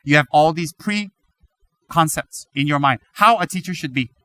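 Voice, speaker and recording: A man giving a Buddhist teaching, animated and full of rhetorical questions, now and then mimicking other people's voices. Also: fairly high pitch, a little slow. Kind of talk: dharma talk.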